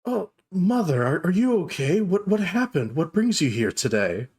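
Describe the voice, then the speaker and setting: A man's voice: high voice, very animated, moderate pace, a little mellow, breathy edge, pitched above the performer's own voice, heavily acted. A man voicing a flustered, stammering male clerk who checks on his mother during a tabletop game.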